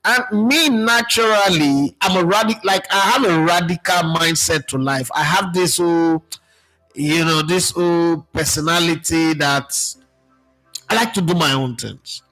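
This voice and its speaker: A Nigerian sports radio presenter speaking in a casual, animated monologue, mixing in pidgin phrases as he reflects. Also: a little high, unhurried, faint music behind, low-quality recording.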